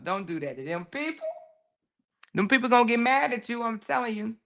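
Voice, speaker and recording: A woman hosting a casual livestream, reading chat comments aloud and reacting with frequent laughter and animated, slangy talk. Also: fairly high pitch, brisk. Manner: animated, laughs often, African American Vernacular English.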